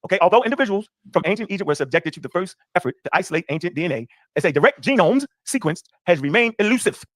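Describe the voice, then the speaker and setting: A man's voice: high voice, dry recording, clean studio sound. A man reading an article aloud and riffing on it in casual reaction commentary. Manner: rapid, animated, reads aloud and riffs.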